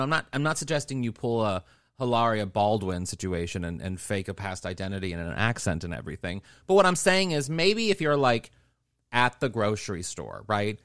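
A man's voice: lowish voice, a bit bright, dry recording, studio quality. A man from Missouri co-hosting a podcast, talking playfully and theatrically in casual chat. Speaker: podcast co-host.

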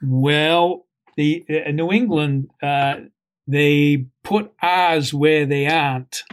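A man who works as an actor, a guest in an interview, answering in a halting way with lots of "uh" and "you know". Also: fairly high pitch, fairly even intonation. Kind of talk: conversational interview.

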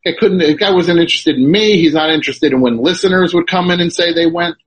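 A man's voice: a little high, breathy edge. A man hosting a radio show, chatting casually. He tells rambling stories with lots of false starts and restarts, and he. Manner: rambling, halting storyteller with many restarts. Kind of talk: casual chat. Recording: dull, lo-fi sound.

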